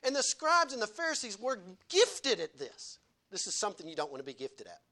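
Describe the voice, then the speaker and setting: A man's voice: sits high, huge pitch swings, brisk, pushed and bright. A man preaching a sermon in church, emphatic and firing rhetorical questions at the congregation.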